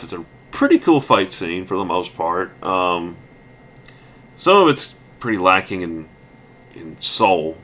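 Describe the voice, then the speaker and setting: A man's voice: on the low side, a bit bright. A man giving casual, rambling let's play commentary, ranting with lots of fillers and restarts.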